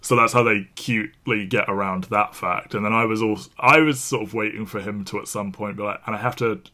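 A man co-hosting a podcast in casual chat, animated, swearing and laughing often. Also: fairly low pitch, fairly quick. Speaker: podcast co-host.

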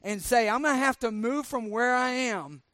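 High-voiced middle-aged male pastor, joking. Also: moderate pace, bright, forceful tone, no echo, studio quality. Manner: joking and sarcastic, quizzing the congregation. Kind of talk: sermon.

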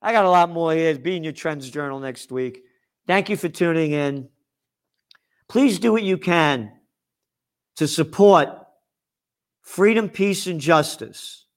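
A man from the Bronx, hosting an angry, profane commentary monologue with frequent shouting. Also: a little high, measured pace, long pauses. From New York (the Bronx). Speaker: host and trend forecaster.

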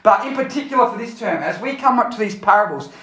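A young man preaching to a youth group, reading scripture and praying in a casual, energetic way with frequent self-corrections. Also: high voice, fast talker. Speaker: youth pastor. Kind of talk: live youth sermon with Bible reading and prayer. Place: church youth hall. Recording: roomy live church hall.

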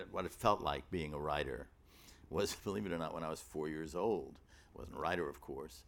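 A man from New York speaks onstage in a very deep voice with a rough, gravelly grain. He tells stories in halting bursts, stopping and restarting often. His asides carry a dry, wry humor. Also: slight background noise. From New York City. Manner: halting and rambling, many fillers and restarts; wry storyteller. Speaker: author in a public conversation. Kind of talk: live onstage conversation.

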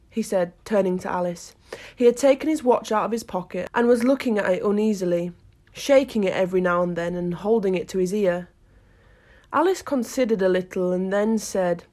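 A woman's voice: medium pitch, moderate pace. A woman reading a storybook aloud at home, with chatty self-mocking asides, no proper microphone. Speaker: audiobook reader. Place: home, no studio. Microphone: basic home setup, no proper mic.

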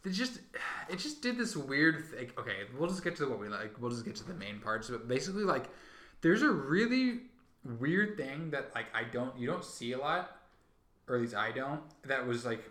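A young man chats loosely about a movie he loved, rambling and stuffing his talk with fillers. His voice is bright and forward. The room around him rings and echoes. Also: medium pitch, sing-song, normal speed. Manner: rambling, heavy on "like", acts out scenes in silly voices. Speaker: podcast co-host. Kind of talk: casual movie review chat.

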